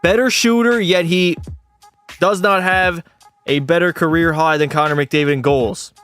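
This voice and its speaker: A young man with a fairly high voice streams from home, tipsy from beer and swearing freely. He argues hockey with his chat in a casual, combative way. Faint music plays behind him. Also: fairly even intonation, normal speed, a bit bright, smooth. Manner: profane, argumentative, talks back to chat. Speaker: game streamer.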